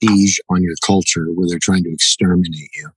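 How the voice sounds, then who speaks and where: A man being interviewed on a podcast, telling stories in a halting, reflective way. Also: low-pitched, fairly even intonation, breathy edge, no room sound, low-quality recording. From United States. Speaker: podcast guest, jiu-jitsu black belt. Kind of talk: casual interview, storytelling.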